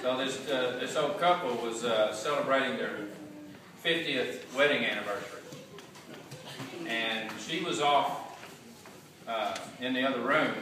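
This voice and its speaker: A man telling a joke at a family birthday party, slow and hesitant. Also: mid-range voice, background noise. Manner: slow, hesitant storytelling with fillers. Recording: echoey room from far off.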